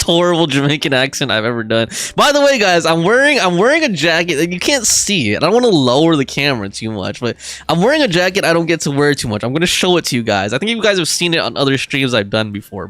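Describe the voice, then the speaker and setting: A man's voice: fairly high pitch, very animated, fast talker, a bit bright, no echo. A young man livestreaming a game, chatting casually, rambling through restarts and laughing often.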